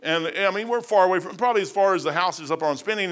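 This American preacher, middle-aged, talks in a high, lively voice that races along with hardly a pause and a slightly bright edge. He's blunt and folksy, dropping anecdotes between Bible verses, loose and conversational with plenty of fillers and digressions.

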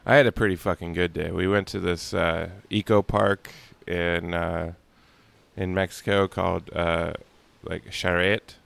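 A man's voice: sits low, little pitch movement, unhurried, gravelly, fairly bright tone, dry recording. A male podcast host chatting casually from a hotel room on vacation, telling a rambling story with lots of fillers. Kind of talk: casual chat.

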